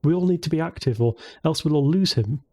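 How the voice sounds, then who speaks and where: A man's voice: a little high, lively intonation, fairly quick, dark tone, voice pushed up. A man doing a firm, earnest young woman.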